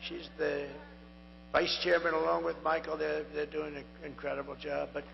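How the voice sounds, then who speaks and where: An older man speaks at a rally in a raised, gravelly voice that sounds hoarse and worn. He rambles and repeats himself as he drifts from point to point. The sound is dull and lo-fi, with mains hum underneath and a long echo from the big venue. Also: a little high, monotone, moderate pace. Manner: rambling, repetitive and digressive. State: hoarse, strained voice. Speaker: political candidate. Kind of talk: rally speech.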